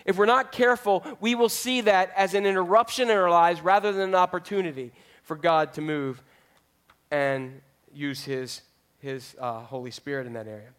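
A man's voice: sits high, fairly even intonation, moderate pace, fairly bright tone, smooth. A male pastor preaching a sermon in a conversational way, often putting questions to the congregation.

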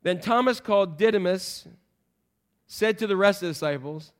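Pastor guy w a high voice, jokey sermon, keeps asking the crowd stuff. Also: moderate pace. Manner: conversational, joking, quizzes the congregation.

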